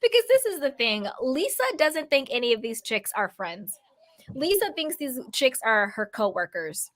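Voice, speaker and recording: A woman's voice: sits high, big pitch swings, moderate pace, a bit bright. A woman co-hosting a casual chat about a reality show, talking emphatically in long reasoning runs.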